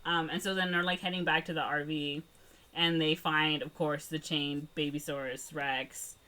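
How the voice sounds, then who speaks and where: A woman co-hosts a podcast and retells a movie plot in a loose, rambling chat full of "like" and "um". Her voice sits fairly low, but it has a bright, forceful edge. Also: flat delivery, moderate pace. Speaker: podcast co-host. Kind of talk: casual movie recap chat.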